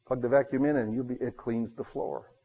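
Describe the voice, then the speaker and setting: A man preaching a sermon, telling homey stories and swinging between loud bursts and hushed asides. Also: mid-range voice, steady tone, brisk, husky, in a large hall, dull audio.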